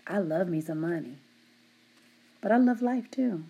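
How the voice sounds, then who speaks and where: A middle-aged woman who supervises a work team, giving them affectionate shout-outs and teasing them while laughing often. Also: on the low side, animated, unhurried, breathy edge.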